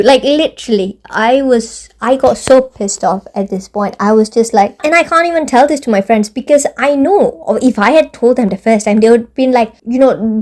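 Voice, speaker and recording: Young woman, vlogger, storytime rant, exasperated, swears a lot, fast and animated, fairly high voice. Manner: exasperated, profane ranting.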